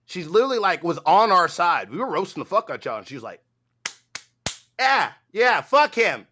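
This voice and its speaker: A man's voice: fairly high pitch, very animated, fast talker, bright, forceful tone. Brash man co-hosting a stream. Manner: brash, swears freely. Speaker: co-host. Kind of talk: casual stream commentary.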